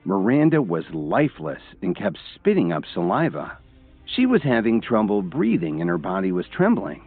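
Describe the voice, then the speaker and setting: A man narrating an audiobook with a very deep, expressive voice that swings widely in pitch. The sound is tinny and phone-like, with faint music running underneath. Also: normal speed, no room sound. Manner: expressive, emphatic storytelling. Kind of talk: scripted narration.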